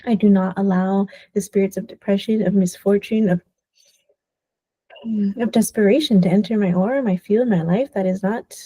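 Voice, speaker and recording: A woman's voice: medium pitch, normal speed, warm tone, dry recording, poor audio. A woman hosting a spiritual gathering, speaking in an affirming, declarative way that slips into whispers. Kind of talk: casual spiritual talk.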